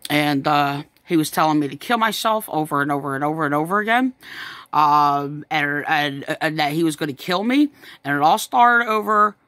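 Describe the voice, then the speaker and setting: Upset woman, halting and bright-voiced. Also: deep voice, expressive, no room sound. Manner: halting, repetitive, with many fillers and sighs. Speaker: vlogger recounting a family incident. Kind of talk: distressed personal account to camera.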